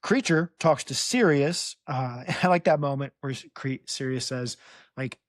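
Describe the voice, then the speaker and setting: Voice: mid-range voice, measured pace, no echo, clean studio sound. A podcast host retelling a book in casual chat, teasing the guest and laughing often.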